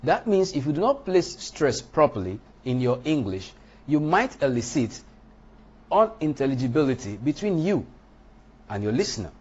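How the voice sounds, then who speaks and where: A man teaching a lesson on English word stress, speaking deliberately and punching out example words. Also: fairly high pitch, very animated, darkish tone, husky. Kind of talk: lecture on English pronunciation.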